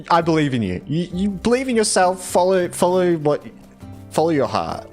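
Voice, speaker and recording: Slow-talking Australian man streaming a game. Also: fairly high pitch. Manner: chatty and giggly, reads verse dramatically. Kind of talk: casual livestream chat, reading viewer messages aloud.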